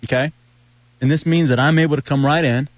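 A man's voice: on the high side, fairly even intonation, a little fast, no echo. A man hosting a radio show, teasing a co-host with smug banter. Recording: dry, dull lo-fi radio recording.

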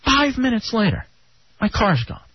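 A high, husky male voice that leaps all over the place as he tells a story on a radio show, sliding up sharply whenever he gets indignant. It sounds dull and lo-fi, like an off-air broadcast recording. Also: normal speed, no room sound. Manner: animated, jumps to high pitch when indignant. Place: radio studio.

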